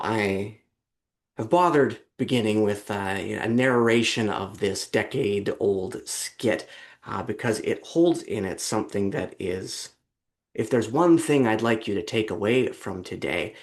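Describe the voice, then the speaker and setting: Low-voiced guy with a gravelly edge giving a seminar talk on a video call, tells it like a story. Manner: storytelling, acting out quoted lines. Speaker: seminar presenter. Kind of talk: academic lecture. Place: online seminar from home or office.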